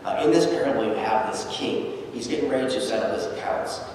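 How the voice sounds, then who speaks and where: A man preaching a sermon in a loose, conversational storytelling manner. He is recorded from well off the mic in a big church sanctuary, with long reverb and a faint low hum behind him. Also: brisk. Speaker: pastor. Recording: echoey church hall, distant mic.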